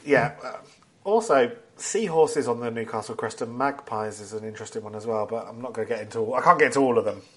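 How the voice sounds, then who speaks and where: A man's voice: medium pitch, fast talker. Bantering man hosting a podcast. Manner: bantering, laughs often, teasing. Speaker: podcast host. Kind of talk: casual football podcast chat.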